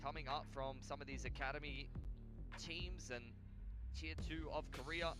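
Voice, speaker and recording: Slightly high-voiced male esports caster. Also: normal speed, music in the background. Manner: flowing, builds excitement on big plays. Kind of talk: play-by-play commentary.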